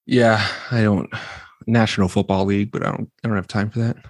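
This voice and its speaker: A man's voice: fairly low pitch, little pitch movement, a little fast, no echo, studio quality. A man from Wisconsin with a Midwestern accent, co-hosting a podcast in a joking, casual chat. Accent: Wisconsin (Midwestern American). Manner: joking, laughs often, jumps into voices. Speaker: podcast co-host.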